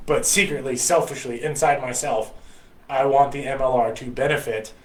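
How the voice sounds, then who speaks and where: A man's voice: medium pitch, fairly even intonation, normal speed, echoey room, rough recording. An American man hosting a podcast, giving a blunt, profane, rambling opinion monologue. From United States. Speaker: podcast host.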